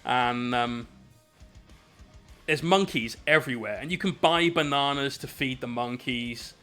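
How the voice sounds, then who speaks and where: A man's voice: medium pitch, unhurried, sharp tone, smooth, soft background music. A British man casually telling a rambling, swear-filled story while painting miniatures on stream.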